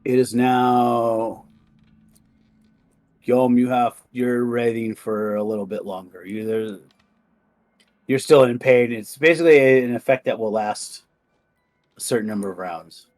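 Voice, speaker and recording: A young man narrates a horror tabletop game as game master, pausing often and restarting his sentences. His voice sits at an ordinary middle pitch and sounds dry and close to the mic. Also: darkish tone, no room sound. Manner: hesitant, many ums and restarts.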